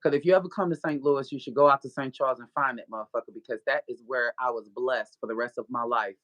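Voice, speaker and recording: A woman, a podcast guest and author, telling an animated, profane story of her faith. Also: a bass voice, quick pace, no room sound. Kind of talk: casual testimony.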